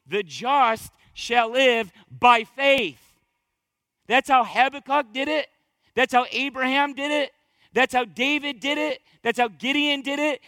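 High, bright-voiced emphatic preaching man. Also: no echo. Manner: emphatic preaching with slow stressed phrases and repetition. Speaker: pastor. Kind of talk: sermon. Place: church sanctuary.

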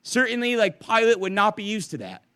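Male pastor, conversational verse-by-verse sermon, earnest and animated; bright, forward tone. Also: high-pitched, brisk, smooth.

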